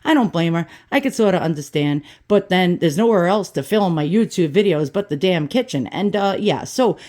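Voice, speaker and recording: A woman's voice: on the low side, animated, moderate pace, a little mellow. A woman in her fifties rambling through a casual home vlog in her kitchen, sarcastic and cranky, swearing freely. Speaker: YouTube vlogger.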